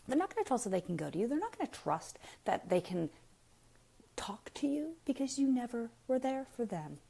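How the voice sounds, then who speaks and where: A woman's voice: on the high side, very animated, brisk, vocal fry, mellow, husky. A woman giving a frank, emphatic parenting talk in a casual live stream, full of rhetorical questions and speaking straight to her viewers. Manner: frank and blunt, addresses viewers directly.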